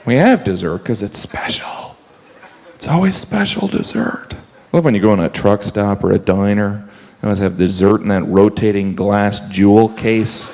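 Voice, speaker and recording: A man doing a stand-up comedy set on a live stage, deadpan, slipping into mocking put-on voices. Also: lowish voice, normal speed. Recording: live stage mic with audience noise.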